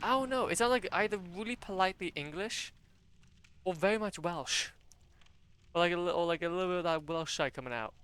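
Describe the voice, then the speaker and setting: Excitable male gamer streaming casually. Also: sits high, a little fast, clear, resonant tone. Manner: excitable, rambling, laughs at himself. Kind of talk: casual gameplay commentary. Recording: noisy stream audio.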